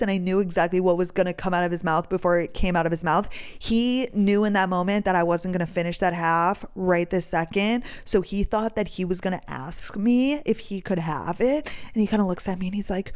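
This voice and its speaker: A woman's voice: medium pitch, a little fast, few pauses, smooth. A young woman hosting her own podcast, telling a rambling everyday story in a chatty way, swearing freely and acting out what people said. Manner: chatty, swears freely, lively quoting of others. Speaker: podcast host. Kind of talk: casual storytelling monologue.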